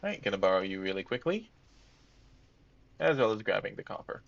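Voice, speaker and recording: A low-pitched man with a gravelly edge thinks aloud as he plays, drifting between quiet mutters and sudden lifts. His voice sits close and dry, with a slightly dull, lo-fi tone. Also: sing-song, a little fast, no room sound. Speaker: let's-play gamer. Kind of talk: casual gameplay commentary.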